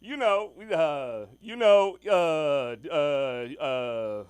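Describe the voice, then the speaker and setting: A man doing an impression of his forgetful dad, loud and drawling, trailing off mid-thought. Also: a little high, animated, very slow, smooth, no room sound. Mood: rambling.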